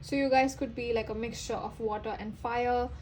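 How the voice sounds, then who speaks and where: A woman giving a casual tarot reading straight to her viewers, chatty and full of fillers, her voice rising as she gets excited. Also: on the high side, normal speed, slight background noise, rough recording. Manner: excitable, voice rises with enthusiasm. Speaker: tarot reader.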